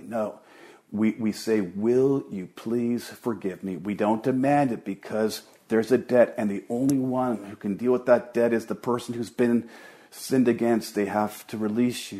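A man's voice: medium pitch, a little mellow. A middle-aged man preaching a sermon as pastor, earnest and emphatic, often repeating words for stress.

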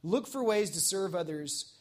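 A man preaching a casual, energetic sermon at a church service, telling stories in a chatty way with fillers. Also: sits high, unhurried. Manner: energetic, conversational storytelling with fillers. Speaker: pastor.

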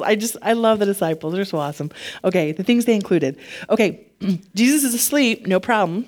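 A woman preaching a casual, conversational sermon, animated and chatty, her voice climbing when she gets fired up. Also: mid-range voice, normal speed.

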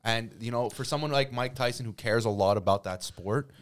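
A man's voice: mid-range voice, a little fast. A man in casual podcast chat, thoughtful and talking through his points at length.

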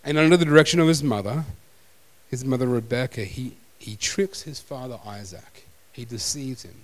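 A man's voice: medium pitch, moderate pace. A man preaching a sermon as pastor, conversational and self-deprecating. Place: church hall. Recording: long hall reverb.

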